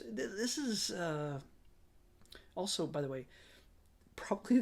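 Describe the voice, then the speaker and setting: Husky-voiced man rambling through a show review. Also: on the high side. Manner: rambling, self-correcting, chuckling asides. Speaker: show host reviewing a streaming series. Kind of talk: casual commentary vlog.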